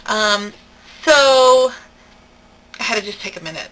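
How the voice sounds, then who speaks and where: A woman's voice: mid-range voice, lively intonation, measured pace, pauses often, fairly bright tone, rough recording. A young woman with a Southern American accent, telling a story in a chatty, indignant way for her vlog. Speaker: vlogger.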